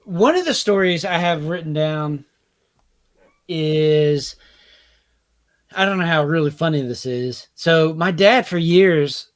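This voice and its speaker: A man's voice: a little high, slow, pauses often. A man co-hosting a podcast, telling rambling stories in casual chat and laughing along with them. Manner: rambling, laughs through his own stories. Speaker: podcast co-host.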